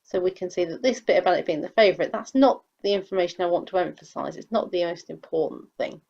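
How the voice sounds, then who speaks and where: Woman teacher going over grammar, patient and explanatory, a bit low, dull lo-fi audio. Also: fast, gravelly, darkish tone. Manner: patient, explanatory, reads example sentences aloud. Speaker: English teacher. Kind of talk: recorded grammar lesson.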